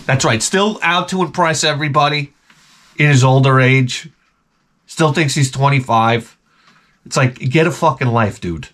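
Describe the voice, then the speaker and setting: A man's voice: mid-range voice, a little slow, fairly bright tone. A man vlogging in a rambling, profane monologue, swearing often and breaking into mouth sound effects. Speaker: retro gaming vlogger.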